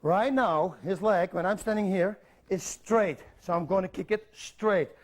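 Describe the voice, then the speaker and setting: Middle-aged man w a high voice coaching kicks on tape, short direct commands, counts em out. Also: a little slow. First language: Dutch. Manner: direct coaching, counts steps, repeats cues. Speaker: martial arts instructor. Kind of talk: instructional video demonstration. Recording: instructional videotape.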